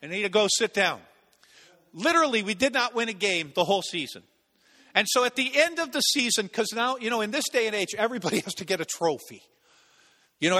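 A male pastor preaches with a high, bright, ringing voice. He tells a story with lively, animated delivery, now and then acting out the people in it. His voice carries a long reverb, as in a large sanctuary. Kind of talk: sermon with personal story.

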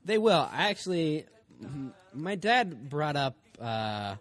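A man's voice: a little high, sing-song, fairly bright tone. Playful young male college radio host. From United States. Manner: playful, teasing, halting with many fillers. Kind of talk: casual radio banter.

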